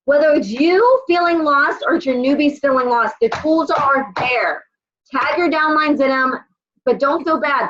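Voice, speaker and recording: A woman's voice: sits high, fairly bright tone, dull audio, slight background noise. A woman leading a casual motivational call for her sales team, blunt and swearing as she gives tough love.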